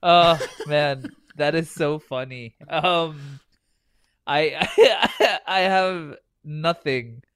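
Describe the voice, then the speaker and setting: A man's voice: a little high, extremely slow, a bit bright, smooth, no echo, clean studio sound. A man hosting a casual chat, laid-back, laughing and swearing easily.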